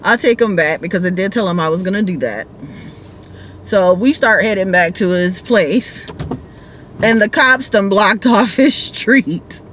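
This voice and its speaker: A woman's voice: medium pitch, a little slow, a bit bright, a little hiss or hum. A woman who drives for a rideshare service, casually telling a story with amused laughs.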